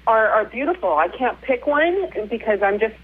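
A woman calling in to a radio show, eager and excited to talk. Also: fairly high pitch, moderate pace, husky. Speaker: caller. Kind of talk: phone call-in chat. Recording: phone line.

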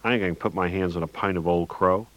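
A man voicing a jittery male convict who pleads and shouts in an audiobook reading. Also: sits low, fast, close to an everyday voice. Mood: easygoing. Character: jittery male convict, whining then panicky.

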